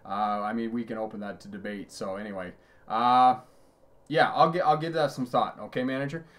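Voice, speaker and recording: A man's voice: on the low side, fairly even intonation, fairly quick, fairly bright tone. Chatty male driving instructor. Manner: conversational, storytelling with chuckles. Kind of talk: live-streamed lesson answering chat.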